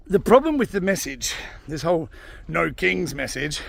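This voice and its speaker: A man's voice: a little high, big pitch swings, moderate pace, gravelly, no echo. A man ranting in a vlog, angry and swearing, with frequent sighs. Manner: angry, sighing, swearing rant. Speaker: vlogger. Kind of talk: ranting commentary.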